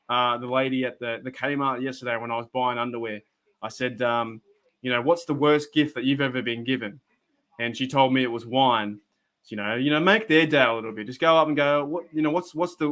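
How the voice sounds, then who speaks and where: A young Australian man hosts a casual live stream, reacting to football and chatting to viewers in a rambling way packed with restarts and fillers. His voice is mid-range and a bit bright.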